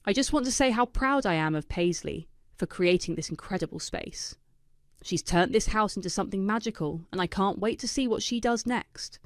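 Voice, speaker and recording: Lady reading a doting young boyfriend, flattering, smooth clean voice. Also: medium pitch, moderate pace, dry recording, clean studio sound, natural voice. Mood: proud. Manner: adoring, flattering.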